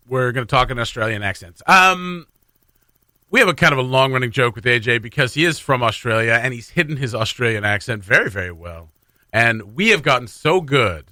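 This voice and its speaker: The recording is dry, and this man's mid-range voice has a sharp tone. He hosts a morning radio program from the studio, chatting easily, laughing often, poking fun at himself and drifting into asides.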